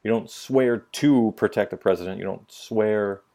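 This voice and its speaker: A man's voice: fairly low pitch, moderate pace, warm tone. A young man telling stories on a casual opinion podcast, blunt and profane. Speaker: podcast co-host.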